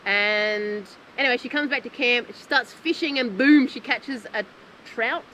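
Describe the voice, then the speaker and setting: A woman's voice: fairly high pitch, a little slow, sharp tone, a little hiss or hum, rough recording. A woman talking through a show recap outdoors in nature, chatty and heartfelt, often laughing. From Australia. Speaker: former contestant recapping the show. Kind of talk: casual reflective recap.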